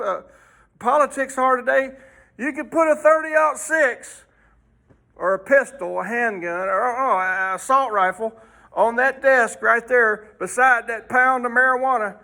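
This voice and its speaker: A man's voice: extremely high pitch, lively intonation, measured pace, gravelly, sharp tone. A man teaching a folksy Sunday school lesson, rambling and throwing in rhetorical questions.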